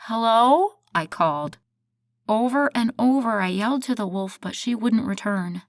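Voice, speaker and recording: A woman narrating a first-person audiobook in a steady, measured storytelling voice. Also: on the high side, dry recording, studio quality.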